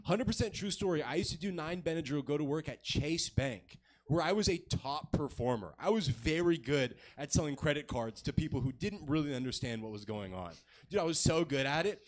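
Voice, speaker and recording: Rambling self-mocking young comedian. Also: male voice, fairly high pitch, expressive, a little fast. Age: 20s. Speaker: stand-up comedian. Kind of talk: stand-up comedy set. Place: comedy club stage with live audience.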